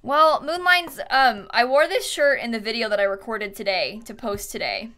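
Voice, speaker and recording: A chatty young woman hosting a live stream, thanking her viewers one by one and laughing easily. Her voice is bright, clear and slightly high, with lots of relaxed fillers. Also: moderate pace. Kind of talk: casual live-stream chat.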